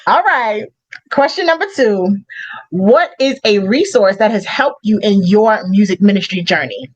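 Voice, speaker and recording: A woman hosting a gospel podcast interview, effusive and emotional, quick to laugh. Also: mid-range voice, highs cut off. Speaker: podcast host.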